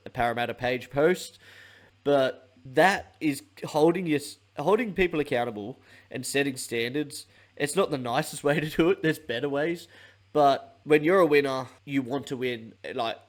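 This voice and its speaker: Male host, loose profane sports chat, laughs a lot, mid-pitched. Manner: swears freely, laughs often, rambling. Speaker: podcast host. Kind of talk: casual solo sports podcast.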